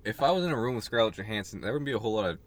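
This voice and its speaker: A young man co-hosting a casual podcast chat, joking and laughing often, then settling into lower, explanatory stretches. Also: lively intonation, rapid-fire. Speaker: podcast co-host.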